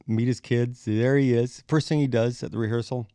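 A middle-aged man, a bassist and podcast guest, telling animated stories, acting out quotes and chuckling as he goes. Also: moderate pace, no echo, studio quality. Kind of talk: anecdotal storytelling in conversation.

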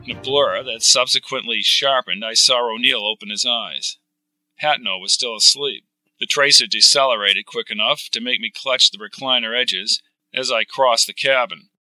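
A man reads a science fiction novel aloud in a steady, even way. His tone is strongly bright and cutting. The recording is dry and close. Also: mid-range voice, no echo, low-quality recording. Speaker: narrator. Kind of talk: reading a sci-fi novel aloud.

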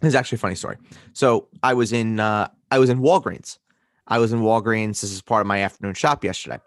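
A man with a low voice talks on a casual podcast, telling stories with lively swearing. The recording is close and dry, with no room sound. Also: fast talker, no echo. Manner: animated storyteller, swears freely. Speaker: podcast host.

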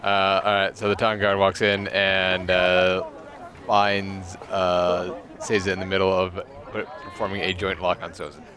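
A man's voice: sits low, little pitch movement, unhurried, a crowd in the background. A man playing in a tabletop game, talking hesitantly and laughing as he describes his character's actions. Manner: hesitant, laughs between words. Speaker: player. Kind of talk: casual tabletop game chat.

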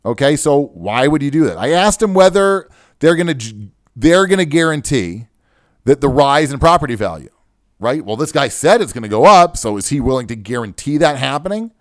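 A man's voice: on the high side, big pitch swings, moderate pace, no echo, studio quality. Sarcastic man hosting a podcast. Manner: sarcastic, self-mocking, ad-libbed. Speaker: podcast host. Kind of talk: unscripted podcast monologue.

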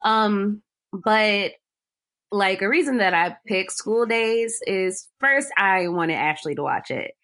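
A woman's voice: mid-range voice, slow pace. A young woman from Ohio whose accent picked up a Southern tinge. She co-hosts a podcast in easygoing, meandering conversation, full of fillers and small restarts. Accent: Ohio speech with a Southern US tinge. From Ohio, USA. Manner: relaxed, rambling, many fillers. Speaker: podcast co-host. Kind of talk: casual chat.

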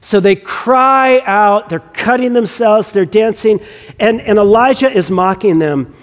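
A man's voice: high voice, unhurried, big-room sound. A man preaching a sermon as a pastor, talking conversationally and often restarting and repeating words.

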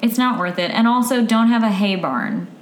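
A woman's voice: on the high side, expressive, moderate pace. Woman co-host, playful banter, echoey room, faint hiss. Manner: playful, riffs and jokes, reacts a lot. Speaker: podcast co-host. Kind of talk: casual chat.

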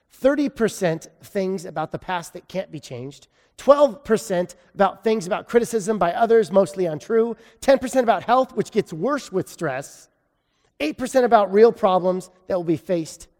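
Brief: male pastor, higher-pitched voice, chatty joking sermon delivery, hall reverb. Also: darkish tone. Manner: self-deprecating humor, conversational preaching.

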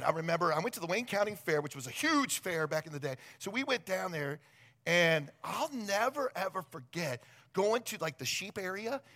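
Male pastor, gravelly and bright, lively pitch, chatty sermon delivery. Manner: animated storytelling, conversational with asides.

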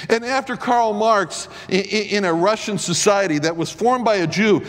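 A man giving an impassioned lecture, firing rhetorical questions and often stumbling over repeated words. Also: high voice. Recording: long hall reverb.

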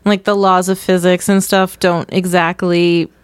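A woman chatting casually and giving her opinions in a measured way. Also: on the low side, little pitch movement, clean tone, dry recording. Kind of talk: casual chat.

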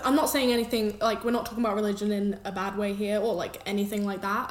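A chatty English woman co-hosting a podcast, talking fast and laughing often. Her voice sits at an ordinary middle pitch. The room gives it a noticeable echo. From England. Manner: chatty and quick, laughs easily. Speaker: podcast co-host. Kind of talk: casual chat.

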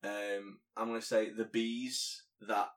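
A man's voice: on the low side, flat delivery, fairly bright tone, faint music behind. A man co-hosting a podcast, chatting casually with jokes and rambling asides. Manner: joking, rambling, quick asides. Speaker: podcast co-host. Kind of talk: casual chat.

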